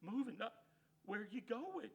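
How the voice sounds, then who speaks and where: A man's voice: high-pitched, big pitch swings, unhurried, vocal fry, fairly bright tone, husky, far from the mic, pitched above the performer's own voice, exaggerated voice. A man reading a storybook aloud and voicing a timid, nervous little male ranch dog who stammers. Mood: anxious. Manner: stammering, anxious.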